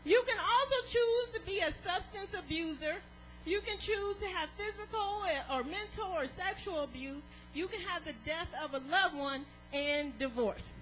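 A woman preaching a sermon in an animated way, laughing often and drawing the congregation into call and response. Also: extremely high pitch, normal speed, a little hiss or hum, poor audio.

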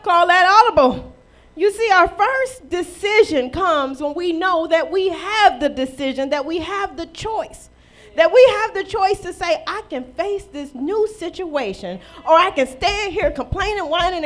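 High-voiced woman preaching a lively sermon. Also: unhurried. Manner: lively preaching with rhetorical questions and playful acted quotes. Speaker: pastor.

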